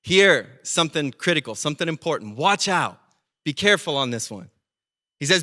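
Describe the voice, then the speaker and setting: A man preaching a sermon as pastor, telling stories with lively acted-out voices. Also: a little high, moderate pace. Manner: animated storytelling, acting out quoted voices.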